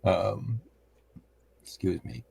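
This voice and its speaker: Slow, gravelly low-voiced man. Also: sing-song, mellow. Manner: halting, many ums and restarts. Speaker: show regular giving a wrestling recap. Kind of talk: casual podcast recap.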